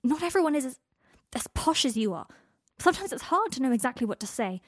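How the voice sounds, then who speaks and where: A woman's voice: mid-range voice, fast, no echo, natural voice. Woman reading as a blunt hotheaded young guy snapping back, dry close voice. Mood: heated. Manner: blunt and defensive. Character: blunt, defensive young man, quick-tempered.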